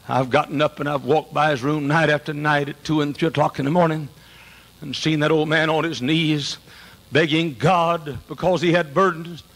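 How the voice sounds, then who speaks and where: A man preaching a sermon with passion, hammering rhetorical questions and often raising his voice to a shout. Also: fairly high pitch.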